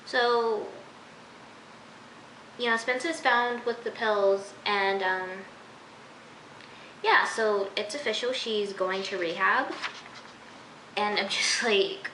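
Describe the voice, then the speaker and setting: A woman's voice: mid-range voice, slow pace, long pauses, noisy background. A woman giving a casual, exasperated vlog review of a TV episode, chatty and full of fillers. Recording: roomy echo.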